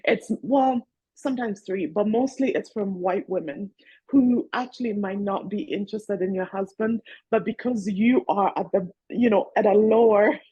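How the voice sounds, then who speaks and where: Husky-voiced woman with a Kenyan-Irish accent. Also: mid-range voice, mellow, no room sound, rough recording. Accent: mixed Kenyan and Irish. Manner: storytelling, laughs often between points. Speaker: host. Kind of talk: candid conversation.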